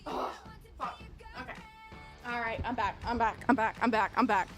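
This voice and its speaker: A woman's voice: on the high side, steady tone, normal speed, over music. A congested young woman streamer who reads a document aloud in casual commentary, blunt, profane and sarcastic.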